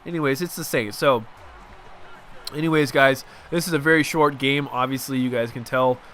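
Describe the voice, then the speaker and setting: A man's voice: medium pitch, a bit bright, slight background noise. A young man hosting a football video game channel, chatting loosely and venting about his team as he plays. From Southern California. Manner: rambling, chatty, quick to vent. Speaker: gaming channel host. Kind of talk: casual game commentary.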